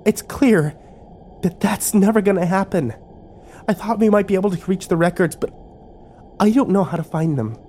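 A male audiobook reader voicing a tough, blunt young woman on the run, raising his pitch for her. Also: very animated, fairly quick, a little mellow, slight background noise. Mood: fierce. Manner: pleading then fierce, raised pitch. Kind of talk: audiobook dialogue.

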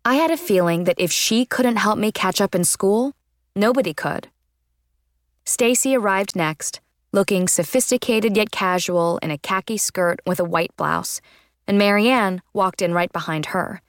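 A woman narrating a children's chapter book in the first person, with a lively, expressive delivery. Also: mid-range voice, a little slow, dry recording, clean studio sound. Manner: lively, expressive reading with character voices. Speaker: audiobook narrator.

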